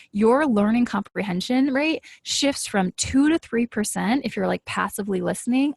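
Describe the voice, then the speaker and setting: A woman hosting a live webinar, pitching with upbeat, hyped energy and talking straight to her viewers. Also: gravelly, no room sound. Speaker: webinar host.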